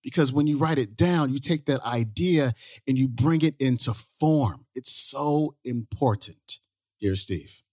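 A man's voice: medium pitch, a little slow, darkish tone, no echo, studio quality. A man giving an earnest, emphatic motivational introduction. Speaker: podcast intro speaker. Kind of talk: motivational talk.

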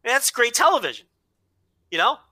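A man co-hosting a casual wrestling podcast with a bright, forceful voice. His pitch swings widely as he talks emphatically and playfully, repeating phrases for comic effect. The recording is dry and close. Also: sing-song, a little fast, no room sound. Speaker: podcast co-host.

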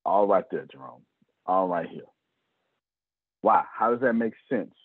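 A middle-aged man giving an animated business pep talk to his team, acting out conversations in shifting voices. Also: low voice, a little slow, slightly rough, no room sound, phone-quality sound.

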